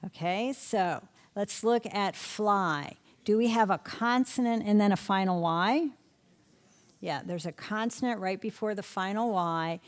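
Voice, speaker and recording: A middle-aged woman teaching spelling rules to a room of teachers, firing quick questions and often answering them herself. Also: medium pitch. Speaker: literacy instructor. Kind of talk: spelling lesson to an audience of teachers.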